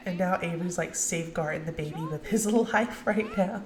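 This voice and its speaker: A woman's voice: lowish voice, moderate pace. A woman casually narrating her gameplay, chatting directly to her viewers. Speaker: let's play narrator. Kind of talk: casual game commentary. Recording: echoey room.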